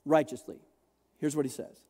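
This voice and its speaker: In a large church hall with long reverb, a male pastor preaches to his congregation in a fairly high voice at normal speed. He's lively and jokey, acting out the voices of people in the story and having the crowd repeat words.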